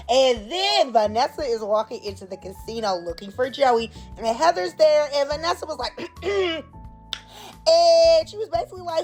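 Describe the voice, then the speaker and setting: A woman's voice: high-pitched, expressive, moderate pace, a little mellow, faint music behind. Sassy woman recapping a soap. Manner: sassy, opinionated, acts out the characters' lines. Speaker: soap opera recap host. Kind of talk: casual chat.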